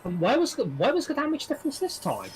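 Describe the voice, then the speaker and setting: A man in casual gaming voice chat, calmly questioning his group and talking through mechanics. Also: extremely high pitch, quick pace, music in the background. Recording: noisy background hiss.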